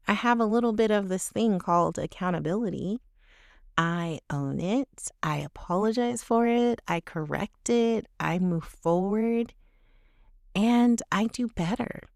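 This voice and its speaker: A woman hosts her podcast alone, speaking in an unhurried, deliberate way. Her voice is smooth and clean and sits close and dry to the mic. She talks frankly and emphatically, and a casual cuss slips in now and then. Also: mid-range voice, darkish tone, no echo. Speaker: podcast host. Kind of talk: candid solo podcast monologue.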